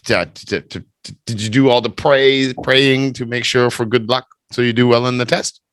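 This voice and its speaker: A man's voice: mid-range voice, steady tone, moderate pace, a bit bright, clean tone, dry recording. A man teaching English over a video call, teasing his student in a chatty, playful way before running a speaking test.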